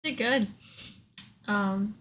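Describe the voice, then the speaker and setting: A woman's voice: medium pitch, very slow, fairly bright tone, muffled recording, a little hiss or hum. A woman hosting a karaoke live stream, chatting casually and laughing often.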